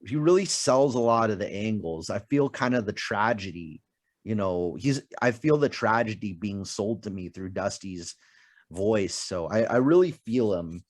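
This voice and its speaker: A man co-hosting a casual wrestling podcast, animated and often laughing as he tells stories. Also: fairly low pitch, normal speed. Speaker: podcast co-host.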